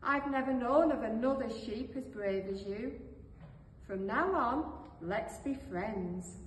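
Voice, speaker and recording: A woman voicing a proud old male wolf with a deep, grumbling voice, read aloud in a storybook tale. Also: expressive, takes it slowly, a little hiss or hum. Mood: softened. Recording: echoey hall, voice from far off.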